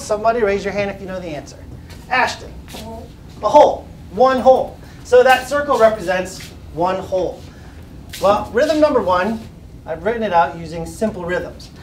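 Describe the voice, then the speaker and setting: A man's voice: high voice, moderate pace, distant mic, slight background noise. Upbeat male music teacher in echoey classroom. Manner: upbeat, patient, chants rhythms for children to repeat. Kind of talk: classroom lesson with call and response.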